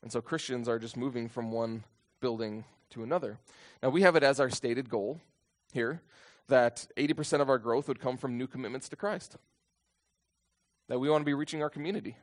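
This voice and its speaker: A male pastor delivering a sermon to his congregation, animated, acting out the disciples' pleas in a raised voice. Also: mid-range voice, fairly quick.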